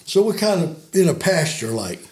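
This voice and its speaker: A man's voice: fairly high pitch, very animated, moderate pace, darkish tone. A man in his sixties, a guest telling folksy, rambling hunting stories with chuckles. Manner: rambling, chuckling yarn-spinner. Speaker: guest storyteller.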